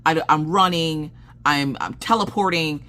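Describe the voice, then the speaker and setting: A woman chatting casually on her craft channel, telling animated stories and laughing as she goes. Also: unhurried. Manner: animated, acts out quoted dialogue with big pitch jumps. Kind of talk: casual chat storytelling.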